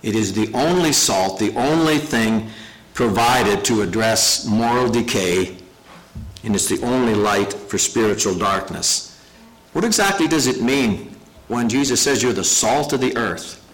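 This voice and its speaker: A pastor preaching a sermon, earnest and emphatic, slowing down to stress key phrases. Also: male voice, mid-range voice, lively intonation, a bit bright, low-quality recording.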